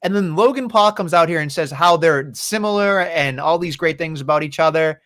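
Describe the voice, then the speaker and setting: A man's voice: on the high side, moderate pace, a bit bright. A man co-hosting a podcast, chatting casually about wrestling in a rambling, profane way. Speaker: podcast co-host.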